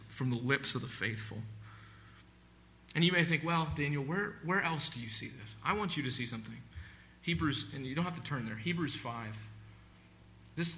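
A man's voice: fairly high pitch, pushed and bright. A man preaching a sermon as pastor, earnest and emphatic, reading scripture aloud.

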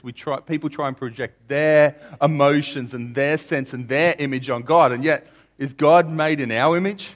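Chatty pastor, higher-voiced. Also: male voice, steady tone, normal speed. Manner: conversational, repeats phrases, stammers restarts. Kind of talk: sermon.

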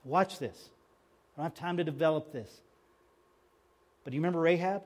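A middle-aged man preaching a sermon as pastor, emphatic, moving between hushed lines and loud ones. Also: fairly high pitch, fairly quick.

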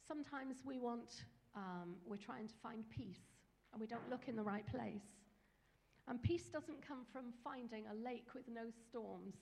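A woman's voice: a little high, unhurried, gravelly, a little mellow, big-room sound, a little hiss or hum. A woman preacher giving an earnest, encouraging sermon with small fillers.

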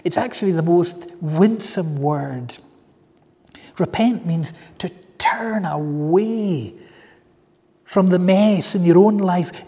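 Male preacher, high mellow voice, fervent pleading sermon delivery, echoey hall sound. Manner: fervent, drawn-out pleading exclamations. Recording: echoey hall with long reverb.

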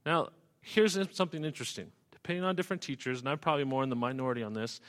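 A man's voice: medium pitch, animated, rapid-fire, a bit bright. A man preaching a sermon, walking through a scripture passage verse by verse and adding conversational asides. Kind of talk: expository sermon.

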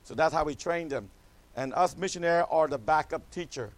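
A man's voice: a little high, a little fast, no room sound. A middle-aged man from Cambodia, a missionary pastor giving a church a joking mission update full of "amen?" asides.

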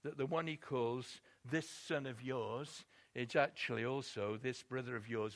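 A man's voice: mid-range voice, measured pace. A man preaching a sermon, telling a story expressively and building emphasis on key points.

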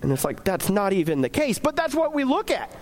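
Young male preacher with a high voice, conversational delivery that slips into acted-out inner voices. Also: huge pitch swings, brisk. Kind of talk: casual sermon.

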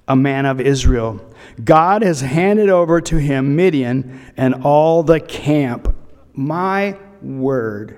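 A man's voice: fairly high pitch, lively intonation, slow pace, a little mellow, in a large hall. A man preaching a sermon, retelling a scripture story with humorous asides. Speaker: pastor.

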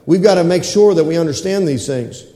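Speaking briskly in a slightly high, dark-toned voice, a male pastor preaches in a church sanctuary. He repeats his points and uses call-and-response with the congregation, captured with roomy echo and long hall reverb.

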